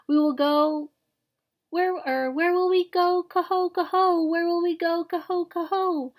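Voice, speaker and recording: A woman voicing a group of excited young swan chicks who call out in a high, sing-song way in a read-aloud storybook. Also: unhurried.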